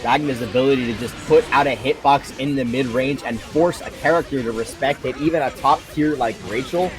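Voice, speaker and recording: Male esports commentator, analytical, joking, worn-out voice, mid pitch, background music. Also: fairly quick. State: tired voice. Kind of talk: fighting game commentary.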